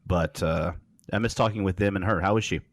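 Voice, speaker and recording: A man with a low, deep voice chats casually on a podcast, dropping wry remarks and telling steady stories. The sound is dry and close, with no room around it. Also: brisk, no room sound. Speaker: podcast co-host. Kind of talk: casual chat.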